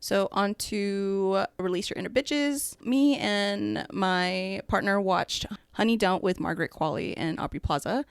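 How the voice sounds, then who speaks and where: A woman's voice: medium pitch, measured pace, hardly any pauses, smooth, no room sound, clean studio sound. A young adult woman hosting her own podcast, ranting in a blunt, profane, sarcastic way and laughing between points. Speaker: podcast host. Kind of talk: casual solo podcast rant.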